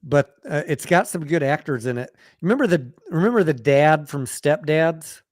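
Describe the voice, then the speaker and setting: A man's voice: on the high side, animated, moderate pace, a little mellow, dry recording, clean studio sound. A man hosting a casual late-night live stream about stocks, talking bluntly and swearing offhandedly. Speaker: stock talk show host.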